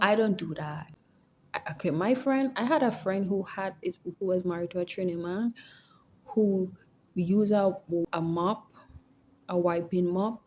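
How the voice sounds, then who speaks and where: A young woman with a Jamaican accent chats straight to camera, telling stories and playing out both sides of arguments. Her voice sits at an ordinary middle pitch. A little background noise hums under the recording. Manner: animated storytelling, acts out quoted lines. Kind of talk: casual advice monologue.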